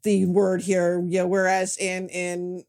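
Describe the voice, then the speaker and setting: A woman's voice: lowish voice, completely flat delivery, takes it slowly, darkish tone, smooth. A woman co-hosting a podcast who talks casually, with dry humor and frequent restarts. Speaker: podcast co-host. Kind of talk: casual film chat.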